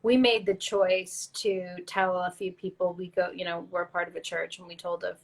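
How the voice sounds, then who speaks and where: A woman guest, tearful and earnest, telling her story in halting, faith-driven speech. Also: fairly low pitch, level tone, creaky, low-quality recording. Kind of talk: emotional personal interview.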